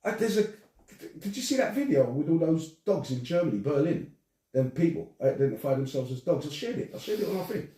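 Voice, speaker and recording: An older man hosting a casual podcast chat, animated and swearing as he rants. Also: on the high side, a little fast. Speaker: podcast host. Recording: echoey room, distant from mic.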